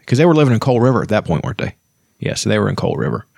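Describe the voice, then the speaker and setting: A man's voice: on the low side, very animated, racing, creaky, darkish tone, slightly rough, dry recording, clean studio sound. A man co-hosting a podcast, rambling casually with frequent restarts and swearing. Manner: rambling, profane, restarts sentences. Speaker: podcast co-host. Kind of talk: casual chat.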